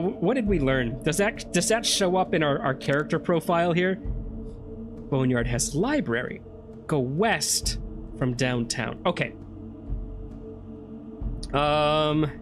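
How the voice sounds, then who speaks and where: A man talking his way through a first playthrough of a game, chatty and full of self-questions. His voice is fairly high for a man and moves up and down a lot. Faint music plays underneath. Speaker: gameplay streamer. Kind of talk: let's play commentary.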